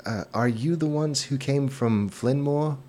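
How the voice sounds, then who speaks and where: A man's voice: lowish voice, lightly acted. A man voicing a nervous young male inn attendant who speaks in a shaky, stammering voice. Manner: stammering, halting.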